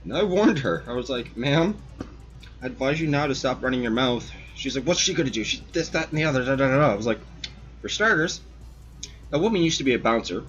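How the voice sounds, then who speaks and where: Profane man spinning lively stories. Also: mid-range voice, fairly quick, lo-fi sound, faint music behind. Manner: profane, animated storyteller. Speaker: host of a model-building stream. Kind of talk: casual storytelling chat.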